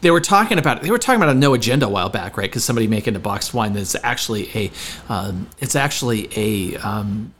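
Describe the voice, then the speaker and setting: A man co-hosting a podcast in casual chat, rambling and halting with many restarts. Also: fairly low pitch, expressive, a bit bright, slight background noise. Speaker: podcast co-host.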